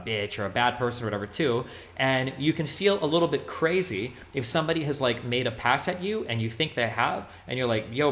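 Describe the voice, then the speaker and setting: A man's voice: mid-range voice, fairly bright tone. A male streamer giving casual livestream commentary, talking bluntly and profanely in a rambling way with many fillers.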